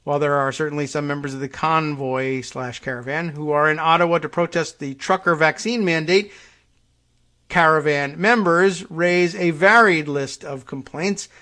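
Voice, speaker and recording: A man's voice: a little high, moderate pace, sharp tone. A man hosting a radio talk show, reading news items aloud and breaking off into dry, sarcastic asides with frequent fillers and restarts.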